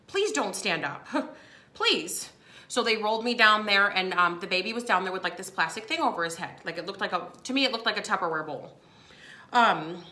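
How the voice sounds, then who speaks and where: A woman in her thirties telling a personal story to her viewers in a chatty way, acting out what others said. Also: fairly high pitch. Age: 30s. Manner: chatty, lively, acts out quotes with laughs. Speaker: vlogger. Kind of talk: casual storytelling to camera.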